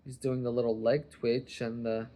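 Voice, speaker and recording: A young man rambling in a casual vlog monologue, often breaking off and restarting, and jumping up loud and high when he acts out other people. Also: normal speed. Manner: rambling, self-interrupting, jumps to loud animated voices when quoting people. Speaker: vlogger.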